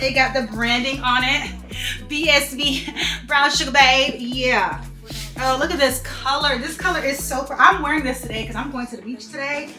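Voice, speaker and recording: A young woman, gushing to her viewers while unboxing in a casual vlog. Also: high-pitched. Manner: gushing, exclaims often, talks straight to viewers. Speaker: beauty vlogger. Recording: echoey room, faint music.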